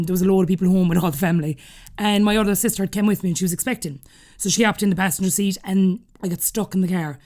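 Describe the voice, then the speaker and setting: Fast-talking Irish woman telling stories. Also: mid-range voice, darkish tone. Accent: Irish, Cork. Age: 30s. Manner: chatty, laughing often while telling stories. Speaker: podcast guest. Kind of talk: casual storytelling interview.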